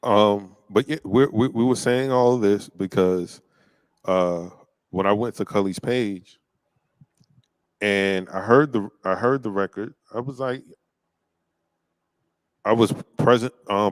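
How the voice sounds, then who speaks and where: A man co-hosting a casual chat, easygoing and quick with short agreeing replies. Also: on the low side. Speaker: co-host.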